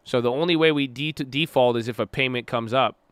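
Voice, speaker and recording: A man giving casual live commentary on the stock market, excitable and easily startled, joking about conspiracy theories. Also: medium pitch, a little fast, smooth, no room sound. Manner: excitable, jumpy, laughs when startled. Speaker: market livestreamer.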